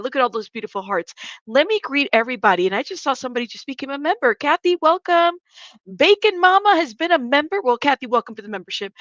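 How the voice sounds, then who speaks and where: A woman hosting a live stream, chatting casually and warmly greeting viewers one by one by name. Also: a little high, no echo, lo-fi sound.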